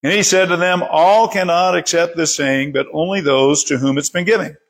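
Gravelly man leading a Bible study. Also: on the high side, steady tone. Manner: plain, unhurried reading with small stumbles and self-corrections. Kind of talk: leading prayer and reading scripture aloud.

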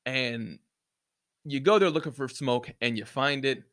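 A man rants alone on his podcast, profane, heated and sarcastic, often mocking other people's opinions. His medium-pitched voice is fairly bright and his pace is measured.

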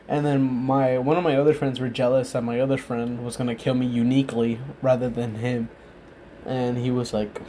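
A drunk young man talking in a casual, rambling monologue, halting often, losing his thread and swearing freely. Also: medium pitch, fairly even intonation, a little mellow, a little hiss or hum.

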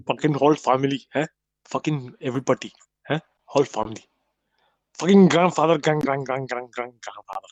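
A man's voice: mid-range voice, fairly quick, a little mellow. Profane joking British man on a call-in stream. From England. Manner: profane, joking, mock-aggressive. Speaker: host of a call-in live stream. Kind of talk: rowdy casual banter.

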